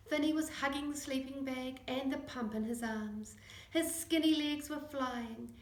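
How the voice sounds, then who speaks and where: A woman narrating a children's chapter book, acting out the dialogue in lively voices. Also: high-pitched, normal speed. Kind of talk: audiobook reading. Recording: echoey room.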